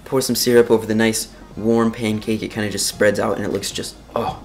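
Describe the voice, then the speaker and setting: A teenage boy telling a school story in a casual, excitable way, exaggerating and laughing often. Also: fairly low pitch, fairly quick, soft background music. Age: teens.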